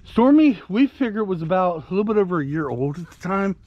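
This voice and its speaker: Man, vlogger, rambling outdoor storytelling, animated voice, dry close sound. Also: sits high, fairly quick, no echo, dull audio. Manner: rambling, conversational, talks to viewers. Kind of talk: casual storytelling while walking. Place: outdoors on a country walk.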